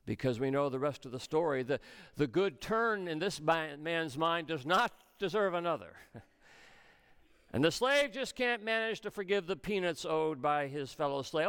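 Gravelly, resonant male pastor preaching. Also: expressive, normal speed. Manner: dramatic swings between soft low passages and raised emphatic ones. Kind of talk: sermon.

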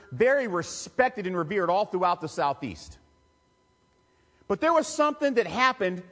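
A man, a pastor telling a personal story in a sermon with emotional, confessional warmth. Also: high-pitched. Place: church sanctuary. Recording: long reverb of a church hall.

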